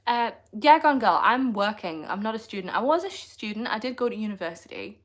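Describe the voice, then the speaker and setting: A young woman, streaming live and reading out her viewers' comments. Her pitch swings freely as she teases the chat and breaks into laughs. Casual, chatty and playful throughout. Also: lively intonation, moderate pace. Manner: playful, teasing, laughs often. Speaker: livestreamer.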